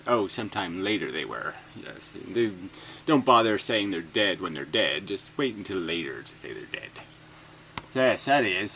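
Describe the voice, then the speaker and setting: A man's voice: on the low side, bright, forceful tone, slight background noise, poor audio. A man reading news items aloud and cutting in with sarcastic, profane mocking asides. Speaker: commentator reading news stories. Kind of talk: sarcastic comedic rant.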